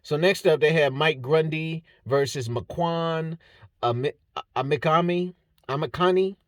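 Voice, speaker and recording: A man whose voice sits on the high side talks at a measured pace, giving a jokey, informal rundown of fight results as an MMA breakdown host. He wanders off track and stumbles over names. There's no room sound, and the quality is studio-grade.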